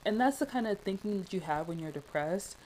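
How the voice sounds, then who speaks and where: A woman's voice: mid-range voice, expressive, a little fast, darkish tone, slight background noise, rough recording. A young woman talking through a film in casual, passionate commentary, rambling with many fillers.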